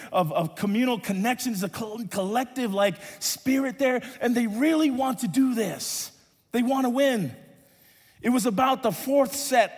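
A man preaching and telling a lively story, acting out the voices of the people in it and rising to shouts at times. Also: high voice. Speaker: pastor and volleyball coach. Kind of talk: sermon storytelling. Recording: reverberant hall.

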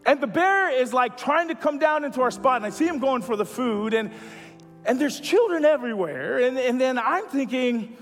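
A male pastor preaching a sermon as a lively storyteller. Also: extremely high pitch, in a large hall, faint music behind. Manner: animated storyteller who builds to a hushed, slow close.

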